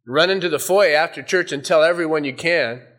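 Guy preaching a sermon, bright slightly high voice, goes animated then hushed and intense. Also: fairly quick. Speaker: pastor.

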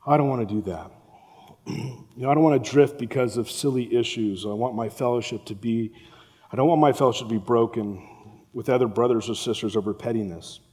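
A man preaching a sermon as a pastor, animated and acting out the voices of the people in the story. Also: medium pitch, brisk. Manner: animated, acts out the quoted voices. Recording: long reverb of a large hall.

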